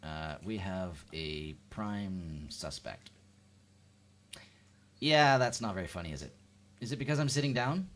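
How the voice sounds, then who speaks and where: Canadian man, home stand-up comic, deadpan with lively pitch swings. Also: a little slow. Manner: deadpan, with sudden high-pitched quoted voices. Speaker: amateur stand-up comedian. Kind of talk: seated home stand-up routine. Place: at home, lives in the UK.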